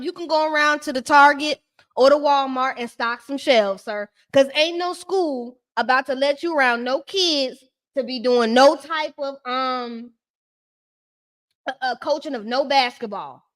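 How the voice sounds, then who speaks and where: Speaking at an ordinary pace, a woman rants at reality show cast members while recapping the show on a live stream. Her style is chatty, loose, sassy and shady, and her voice is high and lively.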